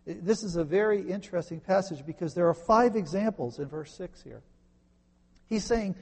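A man preaching a sermon as a pastor, swinging from emphatic peaks down to quiet low phrases. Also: lively intonation, normal speed, vocal fry, breathy edge. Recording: long reverb in a large hall.

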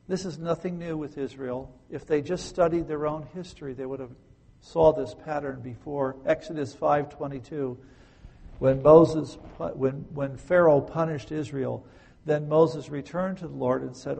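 Brief: male preacher, dark mellow tone, rhetorical and emphatic. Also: on the high side, fairly even intonation, measured pace, creaky, breathy edge, in a large hall. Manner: emphatic, rhetorical questions, dramatic scripture quoting. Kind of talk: sermon.

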